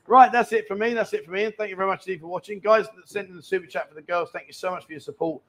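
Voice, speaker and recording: Male live-stream host, chatty joker, slightly higher voice, bar setting. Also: steady tone, very fast. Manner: chatty and jokey, reads out viewer questions. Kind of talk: casual live-stream chat. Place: indoor bar.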